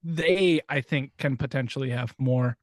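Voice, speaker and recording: A man's voice: mid-range voice, unhurried, no room sound, studio quality. A young man co-hosting a podcast in casual chat, dropping wry, teasing asides. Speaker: podcast co-host.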